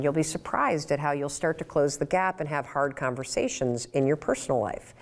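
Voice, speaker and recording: A middle-aged woman giving an emphatic, emotional motivational talk, speaking straight to her listeners. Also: low voice.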